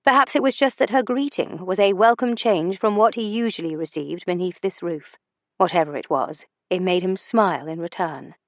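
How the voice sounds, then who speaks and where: A woman with a fairly low voice narrates a historical romance audiobook, telling the story in a measured, expressive way. The recording is dry and of studio quality.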